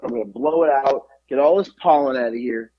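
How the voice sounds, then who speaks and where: A man co-hosting a podcast, sounding stuffy from allergies and rambling through animated stories in casual chat. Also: mid-range voice, fairly quick, no echo, dull audio. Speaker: podcast co-host. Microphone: podcast mic.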